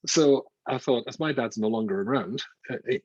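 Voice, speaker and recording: A man's voice: mid-range voice, normal speed, darkish tone, breathy edge, no echo, dull audio. An older man from Scotland, a rabbi giving an informal, chatty Torah lecture with wry self-mocking asides.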